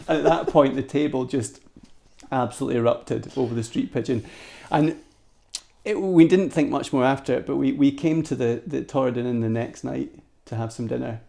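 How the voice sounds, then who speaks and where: A man with a Scottish accent, a podcast guest telling a story in a casual, animated way with frequent restarts. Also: a little high, moderate pace, gravelly. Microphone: cheap microphone.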